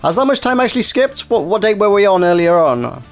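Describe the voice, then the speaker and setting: A man narrating a game reading in a playful, rambling way, his voice fairly high and swooping through a lively range. Jokey asides pile up as faint game music plays underneath. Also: fairly quick. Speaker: host reading a visual novel. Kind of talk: playful let's-play narration.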